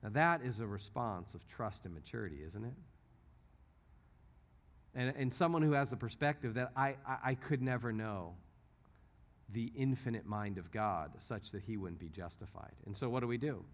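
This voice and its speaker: A man's voice: mid-range voice, moderate pace. A middle-aged man giving an apologetics teaching talk in a church, telling stories and acting out the people he quotes. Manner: animated storytelling, acts out quotes. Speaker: apologetics speaker.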